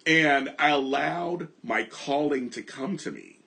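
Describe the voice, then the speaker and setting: A man's voice: fairly high pitch, slow, gravelly, bright, forceful tone. A middle-aged man from Los Angeles hosting, telling his own story in an earnest, reflective way that often repeats and restarts phrases. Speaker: host. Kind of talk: candid conversational storytelling.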